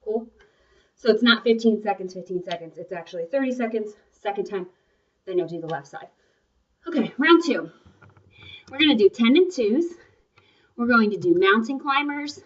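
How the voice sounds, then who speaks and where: A woman's voice: mid-range voice, expressive, normal speed, pauses often, distant mic. A young adult woman giving a workout lesson in a chatty, encouraging way. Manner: chatty, encouraging, breaks off with laughs. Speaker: fitness instructor. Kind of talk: workout instruction video. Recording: muffled, from away from the mic.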